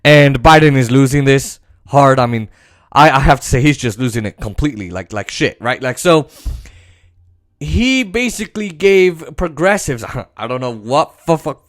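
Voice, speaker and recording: A man's voice: medium pitch, expressive, moderate pace. A man hosting a political commentary podcast, ranting and swearing as he mocks the people he talks about. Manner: ranting, profane, mocking. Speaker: podcast host.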